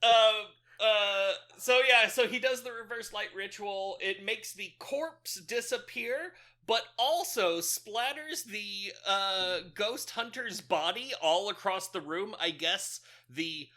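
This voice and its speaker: A man's voice: sits high, takes it slowly, few pauses, sharp tone. A man co-hosting a podcast, casually recapping a movie plot in a rambling way with loose fillers and frequent chuckles. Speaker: podcast co-host.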